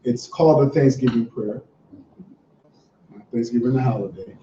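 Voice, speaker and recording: A religious class teacher with a medium-pitched voice speaks at normal speed, keeping things relaxed, conversational, and encouraging before he reads the group a prayer. There's slight background noise, and the distant mic makes it sound dull and roomy.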